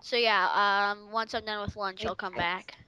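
A woman doing casual gaming commentary as a co-commentator, mock-lecturing and swearing freely in quick rants. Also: mid-range voice, fairly even intonation, background noise.

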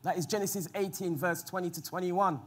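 A man preaching a sermon in a church, acting out the voices of scripture, moving from soft asides to loud cries. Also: sits high, steady tone, brisk. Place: church hall.

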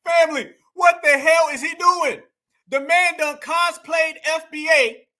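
A man hosting a reaction commentary show, loud and mocking, often repeating catchphrases and addressing his viewers as "y'all.". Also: extremely high pitch, steady tone, a little slow.

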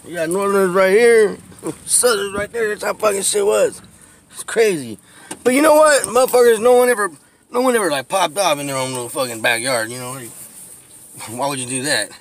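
A man's voice: sits high, fairly quick. A man recording a casual tour of his old neighborhood on a phone from a car, telling street stories with lots of swearing and laughter. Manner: profane, laughing, animated storytelling. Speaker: vlogger giving a neighborhood tour. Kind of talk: casual storytelling while driving. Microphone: phone camera.

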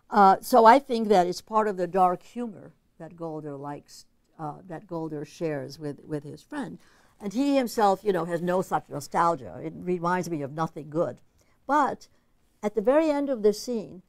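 A woman's voice: on the low side, a little mellow, no echo. A woman giving an academic literature lecture in an analytical, conversational way, thinking aloud as she goes.

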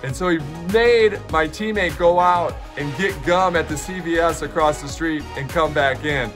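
A lively man in his forties tells stories straight to the audience with an animated, upbeat delivery. His voice sits a little high, and a clear music bed plays behind him. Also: moderate pace. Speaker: host and keynote speaker. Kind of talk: casual storytelling to camera.

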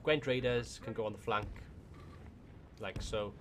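A man's voice: on the low side, steady tone, unhurried, background noise. A man with a Welsh accent giving casual gameplay commentary, thinking aloud as he plays. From Wales. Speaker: gaming YouTuber.

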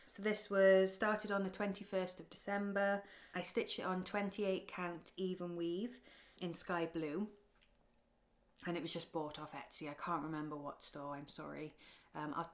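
A woman talks through her craft projects in a casual home vlog. Her voice sits a little low, and her delivery is soft and tender, with frequent ums and halting restarts. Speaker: craft vlogger. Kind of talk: casual show-and-tell vlog.

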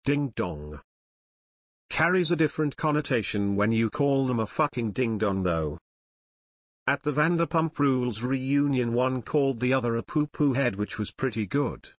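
Male narrator, mid-pitched, steady comment read-through, close dry voice-over. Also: brisk, few pauses, no echo. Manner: steady, even read-through of one comment after another. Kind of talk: reading online comments aloud.

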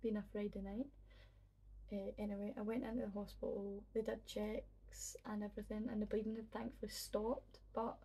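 Young woman, husky and gravelly, emotional personal storyteller with a halting delivery. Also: medium pitch, level tone, warm tone. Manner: emotional, halting, many fillers and restarts. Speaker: vlogger.

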